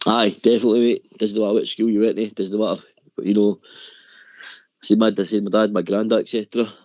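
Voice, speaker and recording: A man phones in to a radio show, chatting earnestly and often calling the host "mate" over a dull lo-fi line. His voice is on the low side and darkish, with little pitch movement, and he talks fast on a dry recording.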